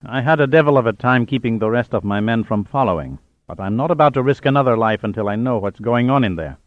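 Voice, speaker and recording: A man voicing a young navy dive officer, speaking in a solemn, measured way. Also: medium pitch, no echo, lo-fi sound, lightly acted.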